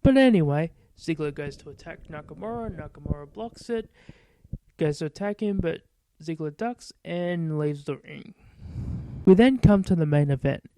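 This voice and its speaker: A man's voice: fairly high pitch, mellow, dry recording. A man hosting his own show, giving a casual, blunt wrestling review and swearing freely. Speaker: podcast host.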